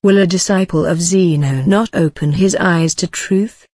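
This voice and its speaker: A woman voicing a gentle, persuasive young Corinthian man in a storybook reading, speaking calmly and kindly. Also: fairly low pitch, moderate pace, dry recording, clean studio sound, lightly acted. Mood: pleading. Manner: calm, kindly pleading.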